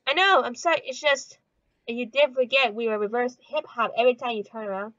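A woman's voice: a little high, a little fast, a bit bright, no room sound, far from the mic, dull audio, natural voice. A woman reading the lines of an anxious young female singer, speaking hesitantly and stumbling over words. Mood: apologetic.

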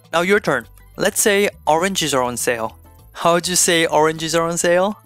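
A man delivers an online language lesson in a slightly raised voice, explaining each step clearly and adding playful little jokes. Soft music plays faintly behind him. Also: a little high, moderate pace. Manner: playful, slips in small jokes. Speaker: Korean language teacher.

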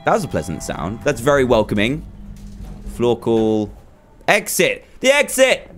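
A man commenting nervously as he plays a horror game, pleading and reacting loudly to scares. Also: mid-range voice, huge pitch swings, measured pace, soft background music. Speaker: gamer.

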